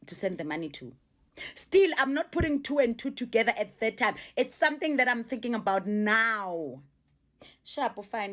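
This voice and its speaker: A middle-aged woman with a South African accent tells a personal story in an animated way, repeating exclamations and mixing in local words. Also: lowish voice.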